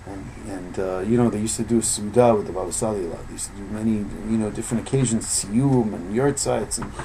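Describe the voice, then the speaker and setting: Man teaching a Torah class; gravelly, dark voice, lively storytelling that jumps loud on quotes. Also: on the low side, a little hiss or hum, rough recording. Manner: animated storytelling, rising loud when acting out quotes. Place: room at an evening class.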